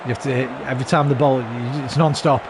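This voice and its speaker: Medium-pitched and fast, this thirty-something British man keeps a fairly even intonation as he streams football and complains about his side. He chats casually and swears a lot, and the clip is noisy.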